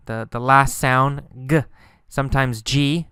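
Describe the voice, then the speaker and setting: A man teaching a lesson, speaking slowly and emphatically, repeating key words and questions for learners. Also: mid-range voice, a bit bright, clear, resonant tone, no echo, studio quality. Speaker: English teacher. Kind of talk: slow English lesson narration.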